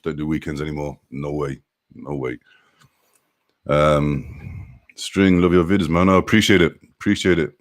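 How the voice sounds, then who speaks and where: A low-voiced man, hosting a relaxed live stream. He greets viewers one by one in an upbeat, friendly chatter. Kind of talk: casual live-stream chat.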